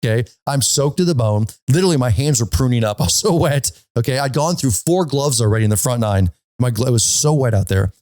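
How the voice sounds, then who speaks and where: A man's voice: medium pitch, fast talker, hardly any pauses, no room sound. Chatty male golf podcast host. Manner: animated, repeats himself, often asks "okay?". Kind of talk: casual storytelling monologue.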